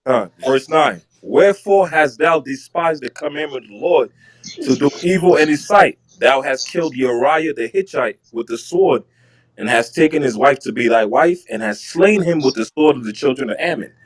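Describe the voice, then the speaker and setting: A man's voice: a little high, expressive, normal speed. A man leading a Bible study, reading verses aloud and then explaining them in casual, slangy talk. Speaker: Bible teacher. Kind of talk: casual scripture teaching.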